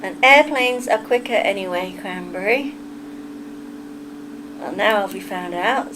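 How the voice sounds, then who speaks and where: A woman's voice: mid-range voice, slow, pauses often, background noise. Giggly English woman chatting with her stream. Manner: giggly and self-deprecating, laughs often. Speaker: livestreamer reading chat. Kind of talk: casual livestream chat.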